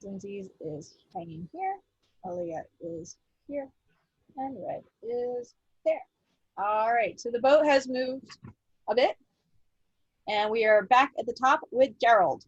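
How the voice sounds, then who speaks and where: A woman running a tabletop game as game master, relaxed and thinking aloud with lots of fillers. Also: fairly high pitch, measured pace, slightly rough, dry recording, lo-fi sound.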